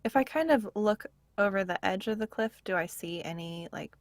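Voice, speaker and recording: A woman playing a tabletop role-playing game, chatty and quick to laugh, often asking questions. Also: mid-range voice, no echo. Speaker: player. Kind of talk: casual tabletop role-play.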